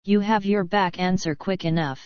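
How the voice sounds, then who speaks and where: A woman reading the lines of a gruff, suspicious male lodge boss with a blunt, hot-tempered manner, in a dull lo-fi recording. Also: medium pitch, moderate pace, dry recording, close to an everyday voice.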